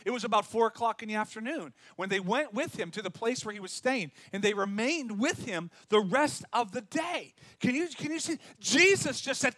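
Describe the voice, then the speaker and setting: A man preaching a sermon as pastor, talking in a lively, conversational way and acting out quotes. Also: very high voice, moderate pace, dry recording.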